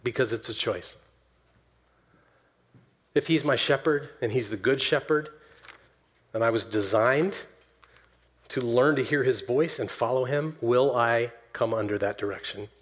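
A man preaching a sermon to his church as pastor, swinging from loud emphatic stresses down to soft, slow closing words. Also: mid-range voice. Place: church sanctuary.

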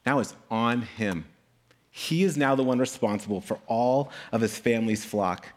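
A middle-aged man, a pastor, telling a story in a casual, animated sermon, keeps asking "right?" and acting out voices. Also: normal speed. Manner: animated, acts out voices with big pitch swings.

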